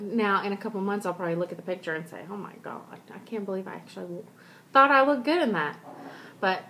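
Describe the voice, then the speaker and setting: A woman's voice: mid-range voice, fairly bright tone, a little hiss or hum. A woman vlogger chatting casually and telling a personal story in a rambling, self-deprecating way.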